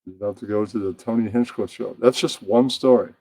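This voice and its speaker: Man, puppet show host: slow, dark-toned, casual rambler, dry sound. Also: lowish voice, fairly even intonation, no room sound. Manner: rambling, mumbles to himself between bits. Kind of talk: casual comedic narration.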